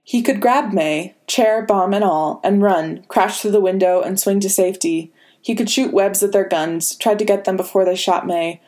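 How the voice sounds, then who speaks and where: A woman narrates a story aloud at a medium pitch, measured and steady. She lets tense moments land with dramatic weight. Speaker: fan fiction reader. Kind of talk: scripted narration.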